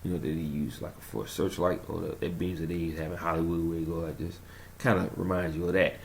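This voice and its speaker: A man rambling through a casual vlog monologue, telling a story in an animated way, chuckling and trailing off while he searches for words. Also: low-pitched, fast, creaky, a little hiss or hum. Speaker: conspiracy vlogger.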